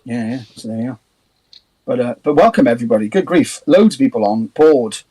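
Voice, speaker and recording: A man's voice: mid-range voice, expressive, a little fast, warm tone, slightly rough, rough recording. A man in a band co-hosting a casual livestream chat, joking and telling stories, often stumbling over and repeating words.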